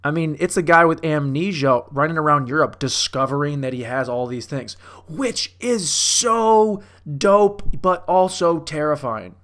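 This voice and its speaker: A man's voice: on the high side, normal speed, few pauses, fairly bright tone. A young man riffing casually on movies, profane and self-mocking, like a comic doing a bit. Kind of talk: casual rambling commentary.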